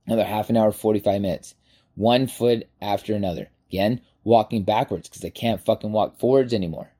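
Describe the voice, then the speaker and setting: A man in his forties, a podcast host, telling a personal story in a casual, animated way and swearing freely. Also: on the low side, brisk, breathy edge. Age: 40s.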